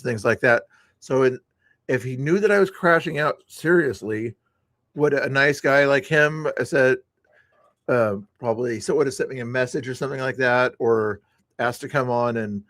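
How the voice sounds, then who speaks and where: A man's voice: medium pitch, a bit bright, no room sound. An older man streaming, rambling in a chatty, self-mocking way as he talks to his viewers about a past stream. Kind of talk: rambling live-stream commentary.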